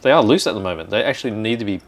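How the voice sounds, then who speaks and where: A man hosting a workshop video, calmly explaining each step of a kit build in casual chat. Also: fairly low pitch, rapid-fire. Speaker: hobby shop host building a kit.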